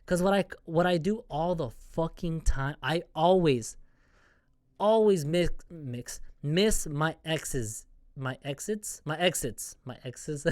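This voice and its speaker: A man's voice: fairly high pitch, animated, a little slow, no echo, studio quality. A man hosting a solo podcast, venting in a rambling, profane, self-mocking casual rant. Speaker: podcast host.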